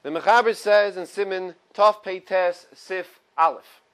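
A man's voice: high voice, measured pace, fairly bright tone, smooth. A man teaches a small morning Torah class. He reads Hebrew and Aramaic phrases from the text, translates each one, and adds casual, conversational asides. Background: small study group in the room.

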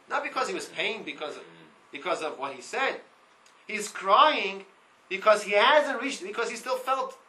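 Male Torah teacher, high and forceful, reads Hebrew lines and translates each one, lively, repeats himself, faint background hiss. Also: low-quality recording. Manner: animated, repeats words. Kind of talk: Torah class.

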